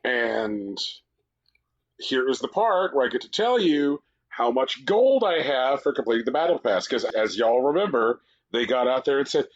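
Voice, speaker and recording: On the dull-sounding audio, a man's animated, medium-pitched voice moves at a moderate pace. He's co-hosting a podcast, keeping the chat casual and jokey, cursing and telling mock-romantic bits.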